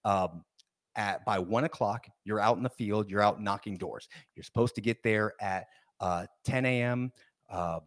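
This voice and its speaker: A young adult man, a podcast guest, telling a story in casual chat, animated and rambling, with restarts and acted-out quotes. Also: fairly low pitch, moderate pace, no echo, clean studio sound.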